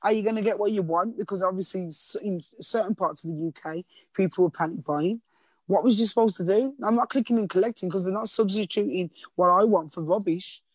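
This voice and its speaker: Woman rambling on a family podcast, middle pitch, dry mic. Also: brisk, no echo. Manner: chatty, rambling, laughs easily. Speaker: podcast co-host. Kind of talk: casual family podcast chat.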